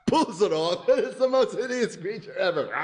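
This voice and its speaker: A man excitedly narrating his cartoon idea, laughing through it and acting out sound effects and cries. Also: high voice, slight background noise. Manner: keeps laughing at his own story. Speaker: animator pitching a cartoon. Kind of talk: excited story pitch narration.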